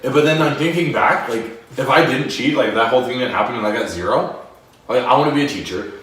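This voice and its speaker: A man's voice: mid-range voice, quick pace. A young man co-hosting a casual podcast, telling stories and acting out the voices of the people in them. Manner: animated, acts out quotes in shifting voices. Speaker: podcast co-host. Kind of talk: casual storytelling chat. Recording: echoey room, mic at a distance.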